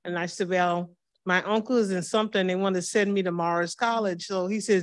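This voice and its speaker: Her voice is mid-range, fairly even and fairly quick here. A fifties-aged churchgoer recounting her pastor at a reading circle, she tells warm stories and acts out exchanges with laughter.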